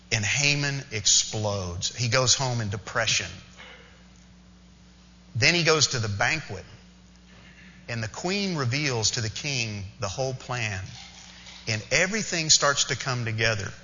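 A man preaching a sermon, retelling a story with lively asides to his listeners. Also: mid-range voice, in a large hall, dull audio. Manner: animated storytelling, quick asides to the congregation. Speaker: pastor.

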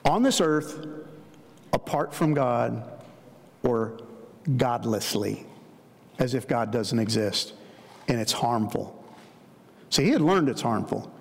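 A man's voice: mid-range voice, lively intonation, takes it slowly, vocal fry, pauses often, long reverb tail. A man preaching a sermon in an earnest way, building his points through repeated emphatic phrases and talking to the listeners as guys.

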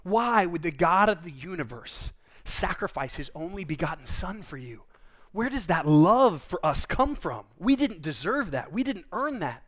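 A man preaching a sermon as pastor, telling stories in a conversational, animated way with quick asides. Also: high-pitched.

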